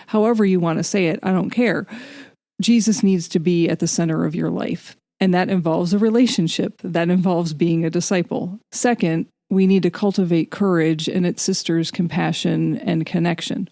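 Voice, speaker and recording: Low-voiced earnest woman, dry close sound. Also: steady tone, normal speed, mellow, dry recording. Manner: earnest, candid, laughs easily. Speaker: podcast co-host. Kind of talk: reflective faith podcast chat.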